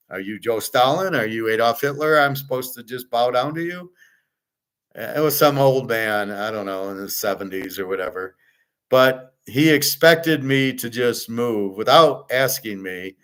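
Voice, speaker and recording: A man's voice: medium pitch, unhurried, fairly bright tone, clear, resonant tone. Blunt, cursing man telling a story. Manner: blunt, profane, rambling with restarts. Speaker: show host. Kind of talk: casual storytelling monologue.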